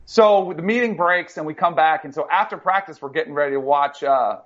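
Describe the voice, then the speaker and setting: Brief: ex-football player co-host, male, a bit high-voiced, chatty storyteller, dull muffled audio. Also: fairly quick. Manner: animated storyteller, many fillers. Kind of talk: casual sports talk.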